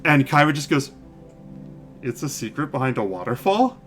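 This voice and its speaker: Man, game master, tabletop narration, halting and hesitant, mid pitch, faint music behind. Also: very animated, fairly bright tone. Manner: halting, hesitant, many fillers and restarts.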